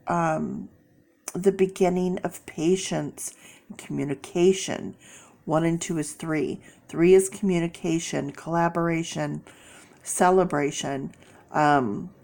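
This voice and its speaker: A woman's voice: on the low side, darkish tone. A woman doing a casual tarot reading in a chatty, encouraging, rambling way, her voice sick and sniffly. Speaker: tarot reader.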